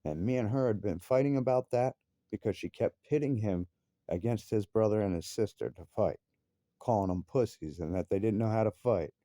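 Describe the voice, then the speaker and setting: A man's voice: on the low side, moderate pace, dark tone, dry recording, clean studio sound. A man, a father, angrily ranting about his family with heavy swearing, his voice jumping up into outbursts. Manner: angry, profane, voice rising sharply into outbursts. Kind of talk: heated personal rant.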